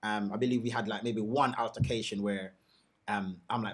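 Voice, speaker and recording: A man's voice: on the low side, very noisy. A man with a Jamaican accent, a guest DJ, telling stories in a casual podcast chat. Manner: quick, animated storytelling with restarts.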